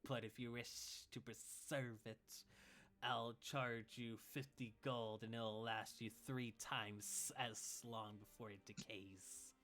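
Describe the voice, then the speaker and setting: A man voicing a shrewd male serpent-man smith, speaking in a rough, gruff voice with slow, deliberate haggling. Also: medium pitch, steady tone, a bit bright. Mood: gruff, businesslike.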